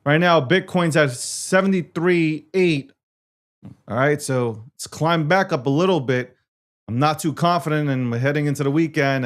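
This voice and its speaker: A young man hosting a market show, ranting loudly and animatedly with frequent cursing. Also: fairly high pitch, moderate pace. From United States. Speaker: host. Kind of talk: fast, profane commentary.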